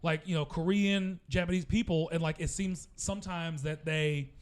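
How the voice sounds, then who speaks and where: A man from the American South co-hosting a podcast, telling stories in a relaxed, laid-back way. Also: fairly high pitch, normal speed. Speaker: podcast co-host. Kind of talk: casual chat, storytelling.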